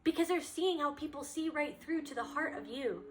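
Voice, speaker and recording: A woman's voice: sits high, expressive, moderate pace. A woman giving a spiritual card reading to the listener, impassioned and repetitive, circling back over her phrases as she speaks straight to them. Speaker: spiritual reader. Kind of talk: intuitive card reading to camera.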